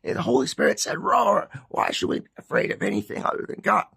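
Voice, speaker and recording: A man talking earnestly to his viewers in an informal religious vlog, rambling and getting sidetracked, moving between hushed confiding and loud, excited urging. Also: fairly low pitch, quick pace, vocal fry, husky, no room sound. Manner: emotional swings from hushed to near shouting. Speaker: Christian vlogger.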